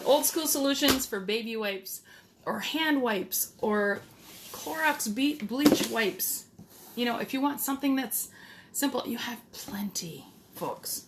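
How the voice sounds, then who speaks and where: A woman's voice: a little high, noisy background. Blunt, chatty middle-aged woman vlogging. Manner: chatty and blunt, with mild swearing. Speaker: DIY vlogger. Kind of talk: casual direct-to-camera DIY talk.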